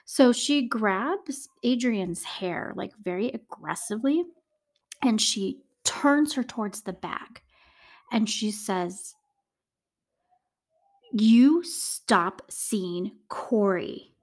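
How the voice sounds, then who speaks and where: A woman's voice: on the high side, animated, takes it slowly. A woman telling a true crime story in a casual, chatty way, with indignant asides to her listeners. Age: adult parent. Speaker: true crime podcast host.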